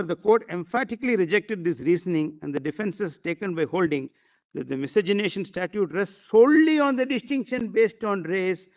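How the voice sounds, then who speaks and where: A man with an Indian English accent arguing formally before a court, addressing the bench as "my lord" again and again. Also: high-pitched. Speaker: advocate. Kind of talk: courtroom argument.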